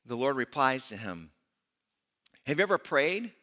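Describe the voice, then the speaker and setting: A man preaching a sermon to a congregation, animated and conversational, acting out scripture dialogues. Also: mid-range voice, unhurried, big-room sound. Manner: animated preaching, voicing prophet and God in dialogue. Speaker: pastor.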